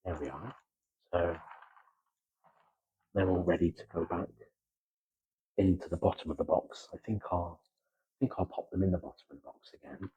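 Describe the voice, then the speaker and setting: Soft-spoken man with a Gloucestershire accent. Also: deep voice, breathy edge, rough recording. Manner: slow, halting, with many pauses; soft-spoken, slipping into whispers. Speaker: ASMR creator. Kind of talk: soft-spoken ASMR chat.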